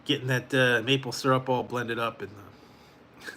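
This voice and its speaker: A man's voice: mid-range voice, steady tone, measured pace, pushed and bright, slight background noise. Chuckling man rambling on a stream. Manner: rambling, chuckling, talks to chat viewers. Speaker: food reviewer hosting a live stream. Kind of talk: casual late-night live stream chat.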